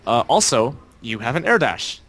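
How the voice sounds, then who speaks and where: A man's voice: medium pitch, sing-song, moderate pace, a bit bright. A man co-hosting a casual gaming podcast, explaining fighting game tactics in detail. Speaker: podcast co-host.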